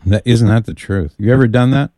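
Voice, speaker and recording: A man hosts a radio call-in show, swapping folksy jokes with callers and bantering casually on air with his co-host. His mid-range, mellow voice runs a little fast, captured on a studio mic with studio quality and no room sound.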